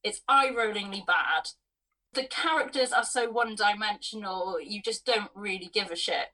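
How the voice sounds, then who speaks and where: A woman's voice: medium pitch, moderate pace, sharp tone, distant mic, poor audio. A woman co-hosting a film podcast, bluntly dismissing a movie she disliked. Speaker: podcast co-host. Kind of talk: casual film review chat.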